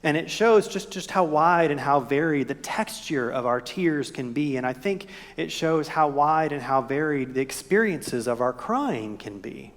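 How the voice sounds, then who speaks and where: A man preaching a sermon as pastor, gentle and reflective, posing soft rhetorical questions to the congregation. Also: on the high side, animated, a little slow, few pauses. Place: church sanctuary. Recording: long hall reverb.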